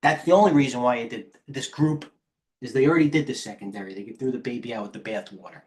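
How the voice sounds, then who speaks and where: A man's voice: mid-range voice, fast talker, darkish tone. Rambling middle-aged man calling stock tickers. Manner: rambling, off-the-cuff, jumps between stock tickers. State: tired. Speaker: trading stream host. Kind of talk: live market commentary.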